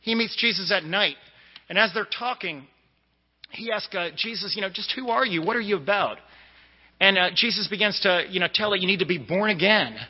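A man's voice: sits high, a little fast. A man from the Boston area giving a conversational sermon, with asides and plenty of fillers. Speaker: lay preacher. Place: church sanctuary. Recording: dull echoey church recording.

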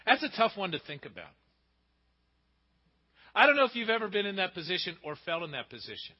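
A man preaching a sermon emphatically, asking rhetorical questions and swinging between loud and hushed delivery. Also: sits high, sing-song, fairly quick. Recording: muffled with long hall reverb.

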